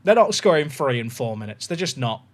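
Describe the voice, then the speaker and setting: A young man giving excitable, chatty live commentary while streaming a football management game, swearing casually as he talks to his chat. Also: mid-range voice, fairly quick. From England.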